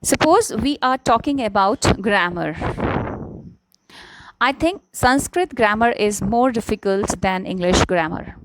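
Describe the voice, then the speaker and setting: A woman's voice: medium pitch, animated, measured pace, rough recording. A young adult woman teaching an online class, patiently explaining and repeating key words, often checking in with "okay?". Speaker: English teacher. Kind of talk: slow, simple classroom explanation.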